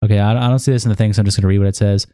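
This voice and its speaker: A man's voice: fairly low pitch, fairly even intonation, very fast, dark tone, dry recording, studio quality. A man streaming live, reading chat logs aloud and commenting on them bluntly with plenty of swearing. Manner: blunt, profane and exasperated.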